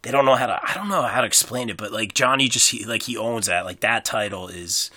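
A man's voice: lowish voice, a little fast, bright, forceful tone, no room sound. A man co-hosting a casual wrestling watch-along, laid-back and laughing often, full of likes and you knows.

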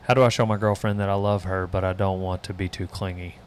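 A man with a fairly low voice reads listener questions aloud and fires back short, dry, joking advice. The talk is relaxed and casual, with a faint hum of room noise behind him. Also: fast talker. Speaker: host reading out listener questions. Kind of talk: casual chat.

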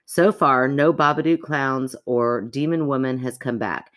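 A woman's voice: very deep voice, unhurried. Chatty woman podcaster reading aloud. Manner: animated, chatty, interjects reactions while reading. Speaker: podcast co-host. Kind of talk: reading a listener's story aloud, casual chat.

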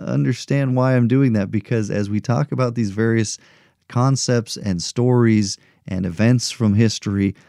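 A man's voice: mid-range voice, dark tone, no room sound, studio quality. A middle-aged man hosting a motivational podcast, talking earnestly and encouragingly, repeating rhetorical questions to his listeners. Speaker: podcast host.

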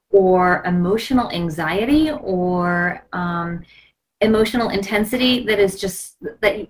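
A woman hosting a live video stream in a casual, gushing and impassioned way, sometimes slipping into a preachy tone. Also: mid-range voice. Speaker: host of a live product video.

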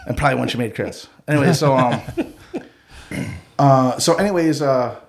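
A man co-hosting a podcast, telling a childhood story in a casual, animated way and acting out the people in it. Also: mid-range voice, a little slow, creaky. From Mohawk community of Akwesasne. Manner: animated, acts out the people in his stories.

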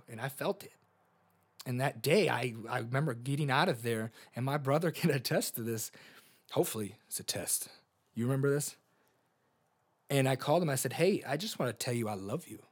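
A man's voice: mid-range voice, slightly rough. A man in his thirties hosting a podcast, telling personal stories in an earnest, open-hearted way. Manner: earnest, open about feelings, storytelling with fillers. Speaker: podcast host. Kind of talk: personal reflective monologue.

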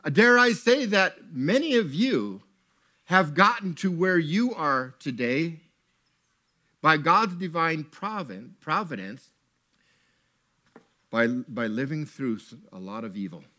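Man, preacher, sermon, tent gathering, animated storyteller, slightly high voice. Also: slow pace, pauses often. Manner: animated storytelling, acts out characters. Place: tent with an audience.

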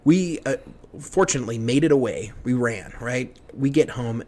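A young man telling a story as a podcast guest, rambling with many fillers and restarts, dropping to a hush at the tense parts. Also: mid-range voice, expressive, normal speed. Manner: rambling, many fillers and restarts, hushed when retelling fear. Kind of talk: casual storytelling.

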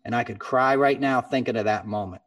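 A man's voice: medium pitch, a little fast. Podcast host, male, earnest and impassioned, mic a little distant. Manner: earnest and impassioned, calls his co-host man and brother. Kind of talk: casual podcast chat.

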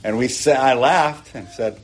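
A pastor delivering a heartfelt sermon at his pulpit. His voice sits at an ordinary middle pitch, and he presses his points with earnest, emphatic surges and brief asides. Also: a little slow, a little hiss or hum. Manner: earnest, emphatic preaching with rising bursts and asides. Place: church, preaching from a pulpit.

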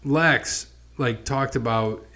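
A man's voice: medium pitch, takes it slowly, pushed and bright, slight background noise. A man hosting a podcast in a casual chat, rambling with lots of restarts and casual swearing. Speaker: podcast host.

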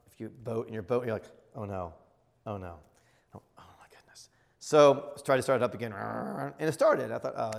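A middle-aged man preaching as a bishop, telling a funny story with laughter and acted-out voices. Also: mid-range voice. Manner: animated, laughing, acts out voices. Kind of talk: storytelling sermon. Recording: reverberant hall.

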